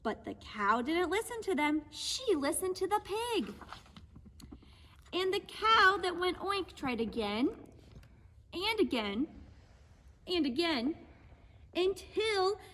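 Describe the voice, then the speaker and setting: Woman reading to little kids, super lively up and down voice, takes her time, gentle. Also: very high-pitched, takes it slowly, big-room sound. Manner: gentle, patient, speaks to children as friends. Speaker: children's horse program instructor. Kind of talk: children's lesson and read-aloud.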